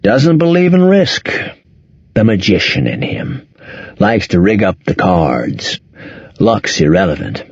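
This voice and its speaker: A man's voice: on the low side, sing-song, slow, breathy edge, dry recording, muffled recording, heavily acted. A man doing a wry, cynical heavyset guy. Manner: wry, sardonic banter.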